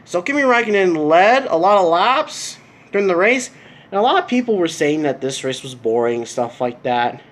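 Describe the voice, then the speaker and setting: A man's voice: high-pitched, big pitch swings, moderate pace, a bit bright. A young American man giving a casual, rambling race review, full of fillers and restarts, in a room at home. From United States. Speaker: vlogger. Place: indoor room with a TV.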